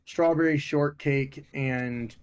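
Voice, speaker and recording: A young man from Ohio swaps stories on a podcast in relaxed, casual chat. He swears freely and tells his stories with lots of energy. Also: medium pitch, takes it slowly, smooth. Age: young adult. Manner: profane, animated storytelling. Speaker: podcast co-host.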